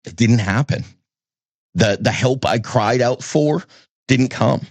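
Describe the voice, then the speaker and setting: A middle-aged New England man, a pastor who co-hosts a podcast, tells a candid personal story, swinging from low, somber tones to high bursts of exasperation. He speaks slowly, and the recording is dry.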